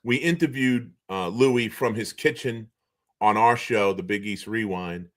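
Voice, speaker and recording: A man from the New Bedford, Massachusetts area, a former basketball player and show co-host, appears as a guest in a casual storytelling interview. His lowish voice moves at an unhurried pace as he animatedly recounts old hoops stories, chuckling often and trailing off into restarts.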